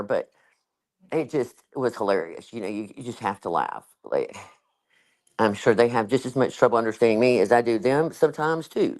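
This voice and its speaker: A man, rambling in casual chat as a guest, with lots of fillers and laughter. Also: on the low side.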